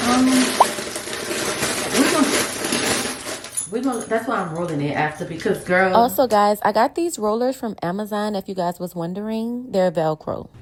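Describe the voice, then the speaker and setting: A young woman vlogging while styling a wig at home, talking candidly and swearing freely in casual girl-talk. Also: medium pitch. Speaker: beauty vlogger. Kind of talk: casual chatty vlog. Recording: echoey room with faint noise.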